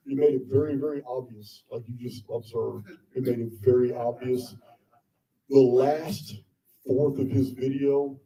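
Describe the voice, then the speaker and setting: A man's voice: medium pitch, mellow, distant mic, poor audio. A man presenting live to an audience, talking bluntly and combatively with frequent swearing. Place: indoor meetup venue with audience.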